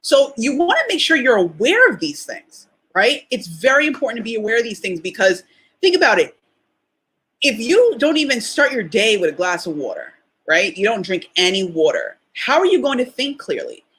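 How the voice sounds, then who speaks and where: A woman's voice: on the high side, very animated, normal speed, a bit bright. A young adult woman hosting a solo motivational podcast, talking in a chatty, emphatic way full of rhetorical questions. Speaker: podcast host.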